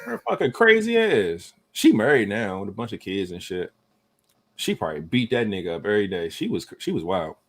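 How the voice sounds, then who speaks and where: A young man hosting a podcast, telling a profane story in casual, animated talk. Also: fairly low pitch, brisk. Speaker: podcast host.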